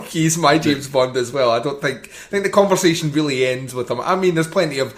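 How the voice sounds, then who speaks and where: A man's voice: a little high, a little fast. A man co-hosting a film podcast in casual chat, enthusiastic, laughing often and restarting his sentences. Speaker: podcast co-host.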